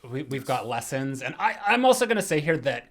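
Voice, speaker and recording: A man hosting a podcast in casual chat, relaxed and hedging, often repeating words. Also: mid-range voice, fairly quick. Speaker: podcast host.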